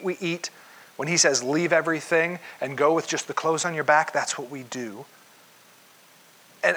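A man preaching a conversational sermon, acting out quoted voices and dropping to a hush for gentle lines. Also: a little high, husky. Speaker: pastor.

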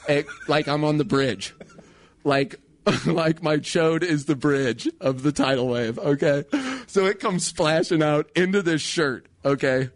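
A young man co-hosting a radio show, telling a story in a casual, animated way. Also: a little high, unhurried. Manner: animated, acts out voices in his stories.

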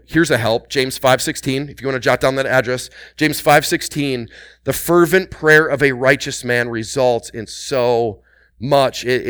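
A man preaching a sermon, swinging between hushed, intimate passages and loud, urgent exhortation, repeating words for emphasis and calling on the congregation. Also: medium pitch, clean tone, no room sound, clean studio sound. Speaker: pastor.

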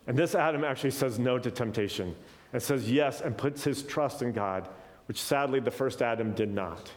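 A man preaching from Scripture in a relaxed, conversational way. He keeps checking in with his listeners and moves between quick stretches and slow, stressed points. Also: medium pitch. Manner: casual, often adds "right?" as a check-in; animated, shifting pace. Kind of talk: conversational Bible teaching.

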